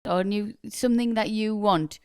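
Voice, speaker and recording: A woman in her thirties trades playful, blunt banter on a podcast. Her voice is smooth and clear, and it sits close and dry with no room sound. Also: medium pitch, steady tone, normal speed, darkish tone, dry recording. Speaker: podcast co-host. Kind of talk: casual chat.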